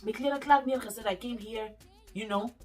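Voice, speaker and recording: A woman's voice: a little high, fairly quick. Young woman telling a story from a distance. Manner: animated, slangy storytelling that acts out quoted dialogue. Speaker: vlogger. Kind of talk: casual storytime. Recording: distant mic with faint background music.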